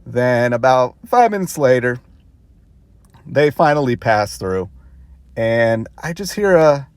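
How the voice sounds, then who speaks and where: A man's voice: mid-range voice, animated, slow pace, clear, resonant tone, no room sound. A man vlogger telling a rambling story casually, with self-conscious laughs.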